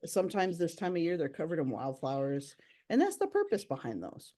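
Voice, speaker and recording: A woman's voice: sits low, huge pitch swings, a little fast, warm tone. A young woman on park education staff, giving a bubbly, chatty virtual nature presentation over a computer microphone. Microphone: computer mic on a video call.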